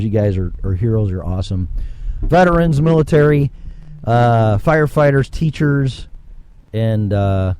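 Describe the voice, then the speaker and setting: Man, show host, solo rant, blunt, profane, repeats himself, heated at times, middle pitch. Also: dark tone. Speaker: podcast host. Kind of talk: casual ranting monologue.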